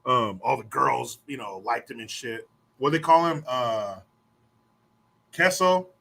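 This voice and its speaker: A man's voice: mid-range voice, gravelly, sharp tone. A man hosting a podcast, telling a rambling story in a casual, profane way and swearing freely. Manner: rambling, swears often, puts on quick mocking voices. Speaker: podcast host.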